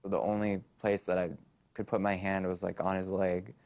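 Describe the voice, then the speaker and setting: A young man in a documentary interview, recalling a loss in a halting, quiet way. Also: low-pitched, little pitch movement, vocal fry, no echo. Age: young adult. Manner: halting, quiet, grief-stricken recollection.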